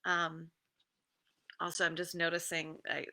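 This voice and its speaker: A woman coach giving a casual guided meditation talk, easygoing, with many pauses and fillers and some reading aloud. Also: lowish voice, monotone, bright, forceful tone. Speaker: creative success coach.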